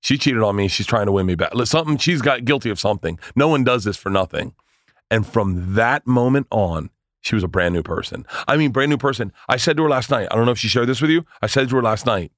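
A comedian guest telling a bawdy story on a podcast, loud and animated, swearing and laughing often. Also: male voice, medium pitch, quick pace, no echo, clean studio sound.

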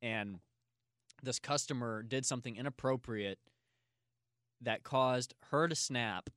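A man hosting a casual podcast, telling a long story full of filler words and breaking into loud laughs. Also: mid-range voice, takes it slowly, dry recording, studio quality. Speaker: podcast host.

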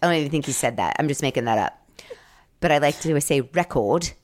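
Low-voiced woman co-hosting a chatty podcast. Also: animated, fairly quick, darkish tone. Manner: playful, jokey storyteller. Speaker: podcast co-host. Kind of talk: casual chat.

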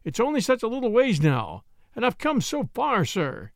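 Desperate young boy in a storybook reading, high cracking voice, put on by a man, dry booth. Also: very animated, normal speed, no room sound. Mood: pleading. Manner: shrill, voice breaking into sobs. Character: frantic young male cab-driving boy.

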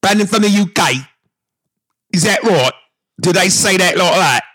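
A man's voice: high-pitched, expressive, normal speed, fairly bright tone, no echo, studio quality. A man co-hosting a comedy podcast, chatting loosely, teasing and cursing, and reading listener emails aloud. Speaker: podcast co-host.

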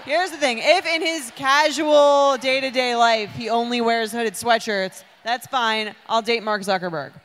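A woman's voice: a little high, unhurried, few pauses, fairly bright tone, a little hiss or hum. A woman co-hosting a podcast live on stage, giving direct, decisive opinions. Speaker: podcast co-host. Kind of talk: comedic live podcast banter. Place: on stage in a theater.

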